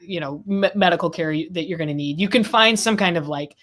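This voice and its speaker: Chatty woman host with a low voice. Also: a little fast, a bit bright. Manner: chatty, rambling with many restarts. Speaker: legal affairs host. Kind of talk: casual chat about a trial.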